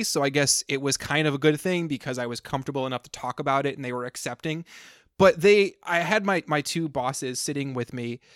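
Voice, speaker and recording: A man's voice: a little high, no echo, clean studio sound. Rambling man telling a podcast story. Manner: rambling, animated, with lots of restarts. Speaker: podcast co-host. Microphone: close podcast mic, sometimes leaning away.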